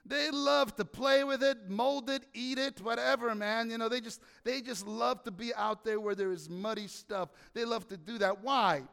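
A male pastor preaches in a church sanctuary, animated and drawing the congregation in with questions. His voice sits high. A long hall reverb trails every phrase. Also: normal speed, vocal fry, hardly any pauses, clean tone. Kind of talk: sermon.

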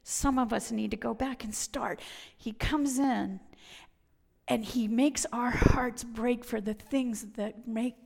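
A woman preaching a sermon and telling personal stories, swinging from loud emphatic lines down to near whispers. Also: a little high, steady tone, slow, creaky. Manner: dramatic shifts from loud to whispered. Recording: long reverb of a hall.

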